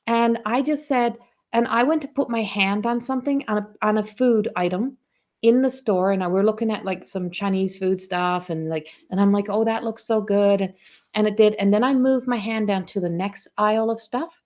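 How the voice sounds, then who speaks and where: A woman's voice: mid-range voice, normal speed, a little mellow. A woman spiritual coach giving a casual live-stream talk, telling personal stories in a rambling way with frequent restarts.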